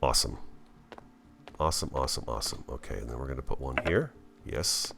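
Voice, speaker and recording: A man's voice: very deep voice, animated, brisk, gravelly, background noise. A man giving casual, folksy commentary while building in a game, chatting to his viewers like friends. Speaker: let's-play host.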